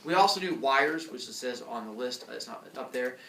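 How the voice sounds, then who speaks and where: A man's voice: medium pitch, a little fast, vocal fry, a little hiss or hum. A man teaching a class, explaining his points system with dry jokes and mock student voices. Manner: joking, lively, puts on kid voices for effect. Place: school classroom. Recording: echoey classroom, far from mic.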